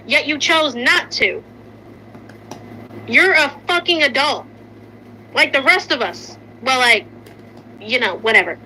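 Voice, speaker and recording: High, bright-voiced young woman ranting. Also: a little slow, a little hiss or hum, low-quality recording. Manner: angry, swears a lot, rants. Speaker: commentator. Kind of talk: heated casual commentary.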